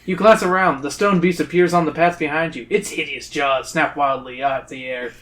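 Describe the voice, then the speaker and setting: A man's voice: a little high, steady tone, moderate pace, a bit bright. A man hosting a podcast who reads a choose-your-path adventure book aloud to friends, with dramatic, playful emphasis. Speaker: podcast host reading a gamebook aloud. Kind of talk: reading a gamebook aloud on a comedy podcast.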